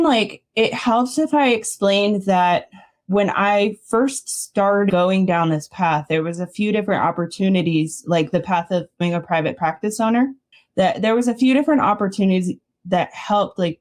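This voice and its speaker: A woman art therapy counselor speaking as a guest in a casual interview, animated and quick to laugh, acting out the voices of the people she quotes. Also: mid-range voice.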